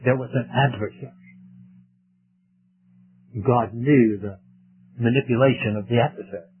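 A man's voice: medium pitch, moderate pace, breathy edge. Male preacher over tinny radio. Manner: conversational, asks rhetorical questions. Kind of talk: sermon. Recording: tinny phone-like radio broadcast.

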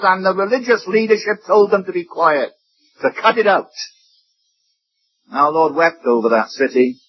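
Husky, high-voiced male preacher. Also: normal speed. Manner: emphatic, swings between rising and dropping voice. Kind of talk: sermon. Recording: dull lo-fi recording.

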